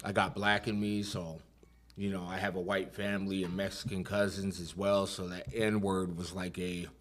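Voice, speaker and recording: Low-voiced man, blunt street talk. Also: flat delivery, normal speed. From Inland Empire, California. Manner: rough, street-slang speech with frequent swearing and "bro". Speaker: podcast guest sharing his recovery story. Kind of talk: casual conversation.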